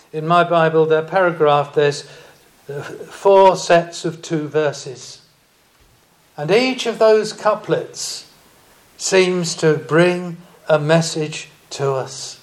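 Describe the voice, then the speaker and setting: A man preaching a sermon, speaking deliberately and rising in emphasis on key phrases. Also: a little high.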